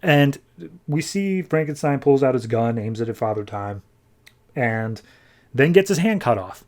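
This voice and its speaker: A man's voice: mid-range voice, expressive, a little slow. A man hosting a podcast, retelling comic book plots in a casual, chatty way full of fillers. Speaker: podcast host.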